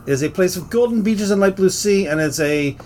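A man's voice: high voice, fairly quick, a little mellow. A man hosting a casual podcast chat, rambling along with plenty of fillers and restarts. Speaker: game store podcast host.

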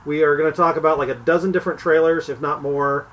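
Chatty male podcast host, slightly high voice. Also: fairly even intonation, fast, a bit bright, dull audio. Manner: chatty, joking, laughs often. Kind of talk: casual chat.

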